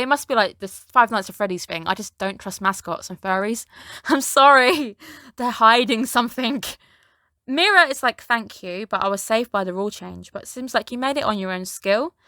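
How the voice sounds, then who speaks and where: A bright, forward-sounding woman talks through an anime episode in casual recap style, jumping into lively character voices as she retells scenes. Her voice is recorded close and dry, with no room sound around it. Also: mid-range voice, no room sound. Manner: chatty, animated, quotes characters in lively voices. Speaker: anime reviewer.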